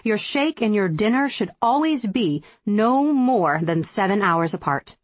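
A woman's voice: medium pitch, animated, unhurried, no echo. A woman reading her own diet book aloud as a firm, emphatic, motivational audiobook narration.

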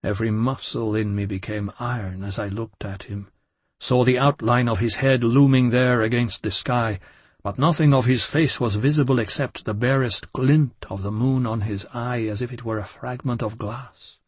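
A man giving a measured, intense first-person audiobook narration of a dark story. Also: medium pitch, fairly even intonation, breathy edge, dry recording.

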